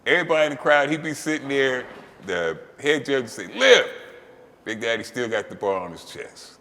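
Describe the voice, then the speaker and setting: A man hosting, telling a story casually, swearing freely and breaking into loud, animated outbursts. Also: medium pitch, brisk, big-room sound. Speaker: host.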